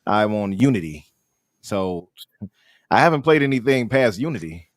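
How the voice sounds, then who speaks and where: A man hosting a casual podcast chat, talking in an opinionated, animated way and often restarting his sentences. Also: lowish voice, moderate pace, no echo, studio quality. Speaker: podcast host.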